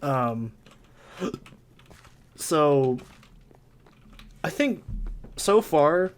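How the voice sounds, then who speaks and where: A man's voice: a little high, very animated, very slow. A man hosting a let's play, talking through his gameplay in a rambling, profane, mock-ranting way. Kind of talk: casual gameplay commentary. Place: soundproofed home corner. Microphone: desk condenser mic with pop filter.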